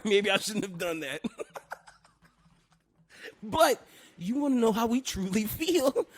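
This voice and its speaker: A man co-hosting a casual podcast, telling a story with animated energy, laughing often and breaking into loud bursts. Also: high voice. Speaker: podcast co-host.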